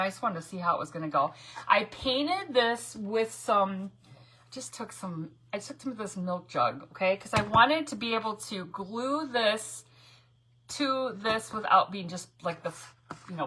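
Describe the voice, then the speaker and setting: A woman hosts a casual live crafting stream from home, talking viewers through each step. She chats freely, laughs a lot and greets people by name. Her voice is bright and sharp, over a faint background noise. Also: medium pitch. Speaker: craft livestream host.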